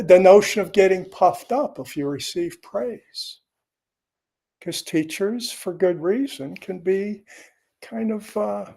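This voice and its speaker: Slow, gravelly man giving a dharma talk. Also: sits high, a little mellow. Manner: unhurried, conversational, with wry asides. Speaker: Zen teacher.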